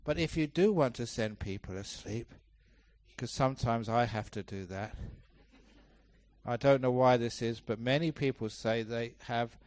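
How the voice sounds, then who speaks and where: A man, a Buddhist monk, giving a dharma talk at a retreat, telling stories with lots of changes in pitch and pace and laughing often. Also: measured pace, a little mellow, dry recording. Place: temple hall, live talk.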